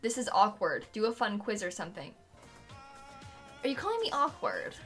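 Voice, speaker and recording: A woman's voice: medium pitch, very animated, moderate pace, fairly bright tone, faint music behind. A young woman in her twenties streaming live on a desk mic, chatting casually, giggling and thanking viewers between stories. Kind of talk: casual chat while streaming.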